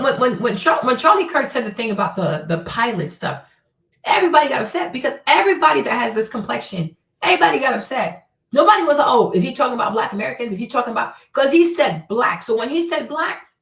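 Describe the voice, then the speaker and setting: A woman whose voice sits high and a bit bright hosts her own show, ranting casually in a blunt, profane, indignant way. The recording sounds roomy, with the mic at a distance.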